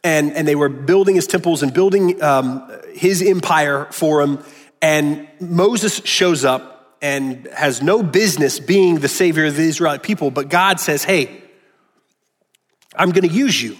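A man's voice: a little high, unhurried. A man preaching a sermon as pastor, earnest, with frequent restarts and acted-out quotes. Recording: long reverb of a large hall.

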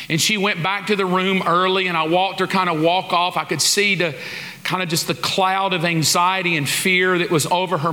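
A man preaching a sermon as a story, animatedly acting out prayers and conversations. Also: sits high. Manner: animated, acts out dialogue and prayers. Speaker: pastor. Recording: long hall reverb.

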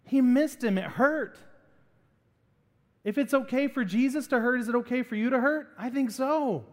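A man preaching a sermon as pastor, animated and acting out little voices to make a point. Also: extremely high pitch, moderate pace, long reverb tail.

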